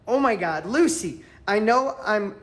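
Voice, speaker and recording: A man coaching a live audience in a motivational training, emphatic and fervent, repeating phrases for emphasis and swinging between loud and quiet. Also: high-pitched, animated, unhurried. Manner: fervent, emphatic, pep-talk delivery.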